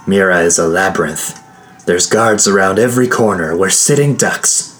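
A woman's voice: a bass voice, moderate pace, soft background music. Man putting on a hissing sardonic woman fighter. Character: sharp-tongued fatalistic woman fighter.

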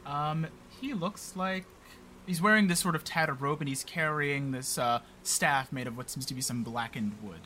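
A man's voice: on the high side, normal speed, pushed and bright, a little hiss or hum. A man narrating as game master of a tabletop role-play podcast, describing scenes.

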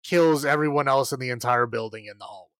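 A male podcast co-host recaps a film in loose, rambling movie chat, laughing often and filling pauses with fillers. His mid-range, fairly bright voice is close-miked and dry, with no room sound.

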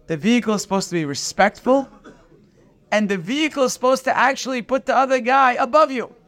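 Male Torah teacher, high voice, earnest and emphatic lecture delivery, drops in Hebrew terms. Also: fairly quick, fairly bright tone. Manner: earnest, emphatic, repeats phrases for stress. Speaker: rabbi teaching a daily Torah class.

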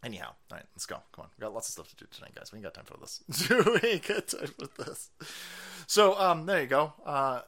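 A man's voice: fairly high pitch, sing-song, fairly quick, a bit bright. Sarcastic, foul-mouthed male stream host. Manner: foul-mouthed, mocking, sarcastic ranting with frequent laughs. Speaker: livestream host. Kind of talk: profane political commentary stream.

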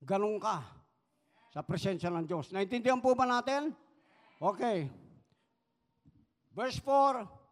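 A man's voice: sits high, lively intonation, a little slow, pauses often, long reverb tail. A man with a Filipino accent preaching a rousing, emphatic sermon and mixing English with Tagalog. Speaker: pastor.

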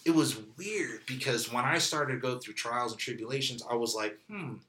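A man from California tells his personal story in a loose, candid way, his sentences strung together with "like" and "you know." His tone is strikingly bright and forceful, with an edge of tension. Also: mid-range voice, normal speed. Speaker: interview guest sharing testimony. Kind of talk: casual storytelling.

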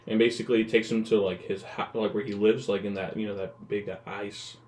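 A man's voice: fairly low pitch, flat delivery, brisk, a little mellow. A young man chatting casually, rambling with lots of fillers and laughing often. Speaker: guest. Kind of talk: casual chat.

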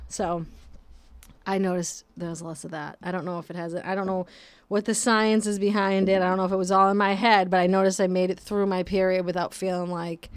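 A woman's voice: lowish voice, smooth, no echo. Blunt, profane woman podcast host. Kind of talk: casual monologue.

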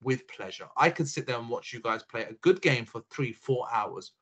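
A young man co-hosting a casual gaming podcast, animated and rambling, with the odd swear. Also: mid-range voice, moderate pace, slightly rough. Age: young adult. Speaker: podcast co-host. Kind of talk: casual chat.

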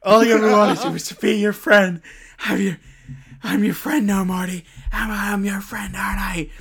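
Male performer as dying gunman, hushed, tender. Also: sits high, fairly even intonation, normal speed, gravelly, breathy edge, heavily acted. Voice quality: soft, hushed.

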